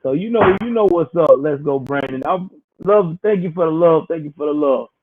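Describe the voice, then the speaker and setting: A man's voice: on the high side, fairly quick. A man hosting a casual livestream, joking in slang and laughing often between remarks. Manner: laughs constantly, slangy and animated. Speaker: livestream host. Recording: tinny phone-like audio.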